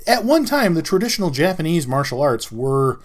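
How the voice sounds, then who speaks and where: A man's voice: on the high side, sing-song, brisk. A middle-aged man hosting a podcast, telling a story in a casual, wry and rambling way that often doubles back on itself. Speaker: podcast host. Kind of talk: casual monologue.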